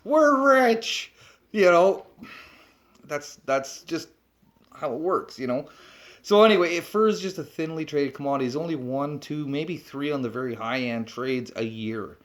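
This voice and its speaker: A man's voice: mid-range voice, a little fast. A man, a trapping instructor, talking bluntly off the cuff to camera, swearing and tagging points with "okay?". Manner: blunt, animated, swears, many rhetorical "okay?"s.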